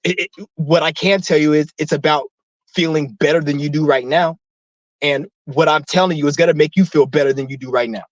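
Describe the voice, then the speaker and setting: A man with a slightly high voice rants at a rapid clip, rambling and swearing as he preaches to his viewers. The recording is dull and lo-fi, with a dry sound and no room echo. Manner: profane, rambling, emphatic. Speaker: vlogger preaching breatharianism. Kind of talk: casual rant to camera.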